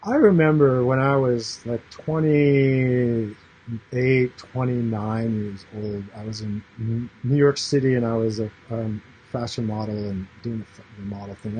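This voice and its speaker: A man's voice: mid-range voice, darkish tone, breathy edge, rough recording. A man in his thirties, a yoga and meditation teacher, talking casually and earnestly to camera, rambling with many fillers and restarts.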